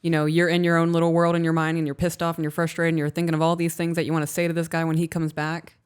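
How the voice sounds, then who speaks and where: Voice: medium pitch, completely flat delivery, rapid-fire, smooth. A podcast co-host in casual chat, blunt and swearing freely, acting out little scenes to make a point.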